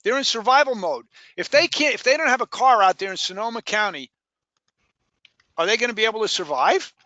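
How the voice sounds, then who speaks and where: High, bright, emphatic male sales trainer. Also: animated, a little fast, no echo, lo-fi sound. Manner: emphatic, repeats key phrases, asks questions. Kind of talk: live sales training session.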